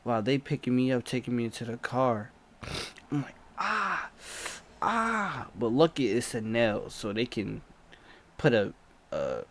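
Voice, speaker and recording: A man telling a story in casual storytime narration, animated, with loud yells and sound effects. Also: medium pitch, normal speed. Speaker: storyteller, channel host.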